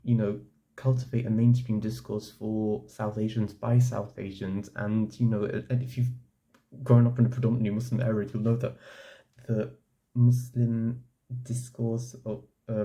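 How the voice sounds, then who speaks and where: A man's voice: lowish voice, mellow. A young man talking casually to camera, giving his opinion in a rambling way with lots of "like" and restarts. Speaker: vlogger.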